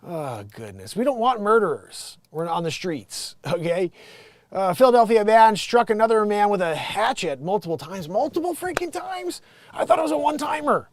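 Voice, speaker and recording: A man hosting an improvised comedy news show, jumping between loud outbursts and muttered asides and talking straight to his viewers. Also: sits high, very animated, moderate pace, no echo. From United States. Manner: chatty, addresses viewers as guys, lots of you know.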